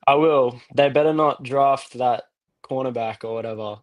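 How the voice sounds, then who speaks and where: A young Australian man calling in to a fan show, chatting in a relaxed, rambling way. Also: mid-range voice, moderate pace, no room sound. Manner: relaxed, rambling, lots of fillers and restarts. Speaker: caller. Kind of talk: casual call-in chat.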